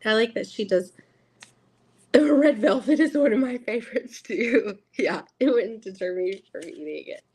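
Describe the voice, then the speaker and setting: A woman from the Southern United States, with a Southern accent, hosts a casual tarot livestream, chatting freely, laughing often, and answering viewers. Her voice is on the high side, darkish and slightly rough, at a normal speed.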